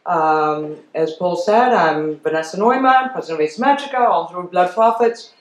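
A woman's voice: fairly low pitch, moderate pace, roomy sound, poor audio. A woman from Venezuela giving a public lecture, telling her story in an earnest, emphatic way. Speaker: guest lecturer. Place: lecture hall.

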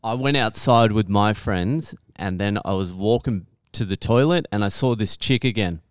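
A man's voice: fairly low pitch, normal speed, dry recording, studio quality. A young man on a podcast telling a story in casual talk, swearing constantly and laughing now and then.

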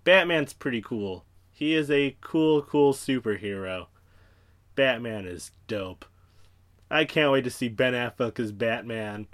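A man's voice: mid-range voice, lively intonation, a little slow, a bit bright. A young man hosting a podcast alone, rambling through profane, self-mocking tangents in casual chat. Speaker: podcast host.

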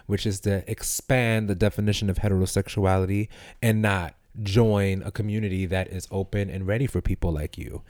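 Dark-voiced podcast co-host. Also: male voice, lowish voice, steady tone, a little fast, dry recording, studio quality. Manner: earnest, explanatory, builds long arguments. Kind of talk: casual discussion.

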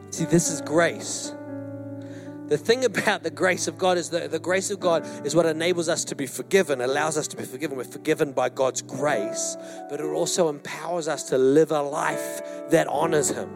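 A male pastor delivers a sermon in a storytelling way, slipping into the voices of the people in his anecdote. His voice sits a little high for a man. Faint instrumental music plays softly behind him. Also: normal speed. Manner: animated storyteller, acts out quotes, addresses congregation. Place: church hall.

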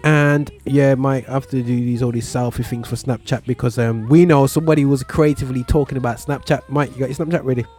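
A man's voice: medium pitch, steady tone, fast talker, few pauses, a little mellow. A man with a London accent hosting a talk show, chatting casually in slang and often stumbling over his words. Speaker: radio show host. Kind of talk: casual chat.

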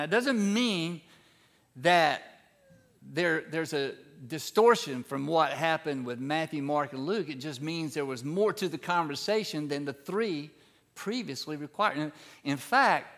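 Pastor preaching with rising emphasis. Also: male voice, a bit bright. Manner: reads scripture aloud, then explains it in a conversational teaching way; rises in pitch and volume for emphasis. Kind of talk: sermon.

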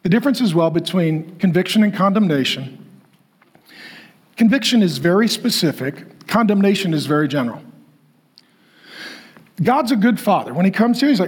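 A man's voice: high voice, a little fast, slightly rough. A man preaching a sermon to a congregation, telling a story and acting out the people in it. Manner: animated, acts out quoted voices. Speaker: pastor.

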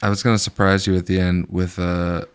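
A man co-hosting a podcast, chatting casually about movies in a joking, animated way with some swearing. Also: deep voice, brisk, clean tone. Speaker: podcast co-host.

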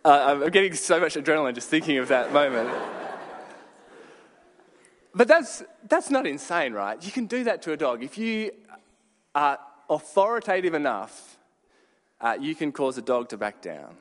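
A man preaching a sermon, telling a story with dramatic pauses and sudden shouted bursts. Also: on the high side, very animated. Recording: long hall reverb.

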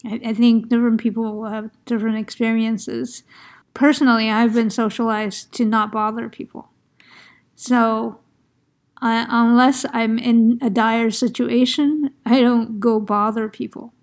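Woman, casual chat, fairly high voice with gravelly fry, thoughtful and measured. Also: little pitch movement. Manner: measured and reflective, with small restarts.

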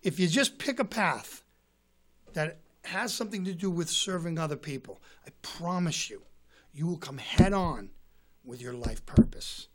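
A man with a slightly high voice tells stories in a loose, conversational way. He restarts his sentences often and repeats words as he goes. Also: animated, unhurried. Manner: rambling storyteller with frequent restarts, imitates others' voices. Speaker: guest singer and author. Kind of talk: casual interview chat.

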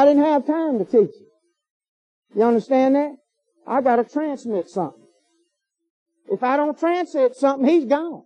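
A man's voice: very high voice, a little mellow, no room sound. A man preaching a sermon in a folksy, emphatic way, firing off rhetorical questions. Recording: dull lo-fi sermon recording.

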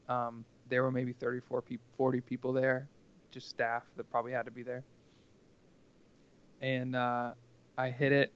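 A man's voice: mid-range voice, vocal fry, fairly bright tone, clear, resonant tone, lo-fi sound. A man telling a personal story casually as a podcast guest, rambling and earnest, with lots of filler words.

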